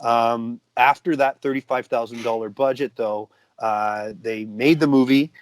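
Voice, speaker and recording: Male podcast co-host, middle pitch, chatty and quick to laugh, dry sound. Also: steady tone, clean tone, no echo. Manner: laughs often, reads out quotes. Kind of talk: casual movie review chat.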